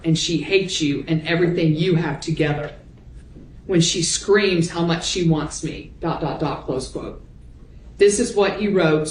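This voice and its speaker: A woman prosecutor reading messages and timestamps aloud into the court record in a measured voice. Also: lowish voice, darkish tone. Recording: echoey courtroom audio.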